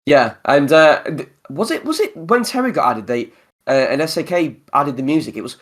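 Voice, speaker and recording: A man hosting a casual gaming podcast, rambling and animated, often laughing. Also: on the high side, moderate pace. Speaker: podcast host.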